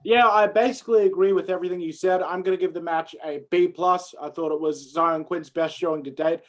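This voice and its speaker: Pria bersuara agak tinggi dan santai. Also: male voice, high-pitched, steady tone, brisk. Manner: easygoing, agreeable, giving grades and opinions. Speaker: co-host of a wrestling review show. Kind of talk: casual review chat.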